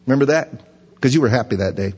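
A man preaching a conversational sermon, acting out everyday voices with a pitch jump. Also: animated, fast talker, darkish tone, husky. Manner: conversational, acts out imagined voices in a higher pitch. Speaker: pastor. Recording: dull reverberant hall sound.

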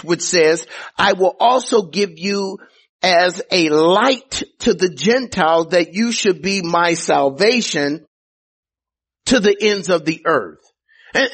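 A man's voice: high voice, breathy edge. A male pastor preaching a sermon, emphatic and repetitive, with teasing asides to the congregation. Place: church sanctuary.

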